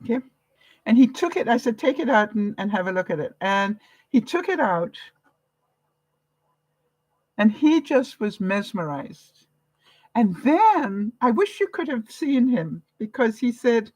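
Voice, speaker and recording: A woman's voice: fairly high pitch, sing-song, unhurried, long pauses, darkish tone, dry recording, rough recording. An older woman from Canada chatting casually with viewers, retelling conversations and laughing often. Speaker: vlogger. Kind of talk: casual livestream chat.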